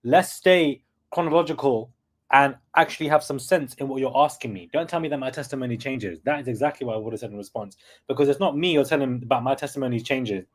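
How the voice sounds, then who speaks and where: A man hosting a live stream, reacting excitably, repeating himself and sometimes shouting, and reading out chat comments. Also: medium pitch, fast. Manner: reads out chat comments and thanks donors.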